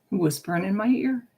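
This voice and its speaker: An older woman hosts a laid-back livestream from home, talking into her laptop's microphone. Her voice is gravelly and mellow, and she speaks slowly. She is chatty and playful and greets her viewers one by one. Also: medium pitch. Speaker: livestream host. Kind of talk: casual livestream chat.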